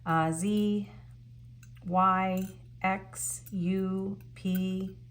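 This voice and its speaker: A woman's voice: mid-range voice, fairly even intonation, drawn-out words. A woman doing a casual pick-a-card tarot reading, musing as she reads out card messages with frequent ums. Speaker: tarot reader.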